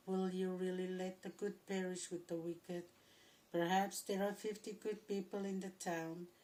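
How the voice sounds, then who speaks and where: A woman reading Bible passages aloud in a steady, even manner. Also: medium pitch, poor audio. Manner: steady, even reading with occasional throat clearing. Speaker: scripture reader.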